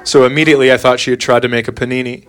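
A middle-aged man doing a stand-up routine, telling a story in a deadpan way with sudden exasperated outbursts. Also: medium pitch, rapid-fire. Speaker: stand-up comedian. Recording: noisy live recording. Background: audience laughter.

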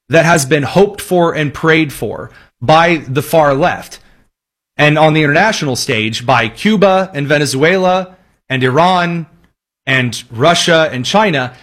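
A man's voice: on the high side, fairly bright tone. A man delivering solo political commentary in an emphatic tone, with sarcastic asides. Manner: emphatic, sarcastic asides, mock pleading voices for quotes.

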